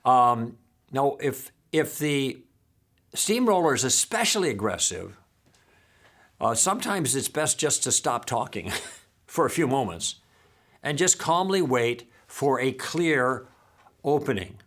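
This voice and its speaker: A man's voice: medium pitch, very animated, slow, pauses often, a bit bright. A man teaching a lesson in a friendly, patient way, sometimes acting out sample lines.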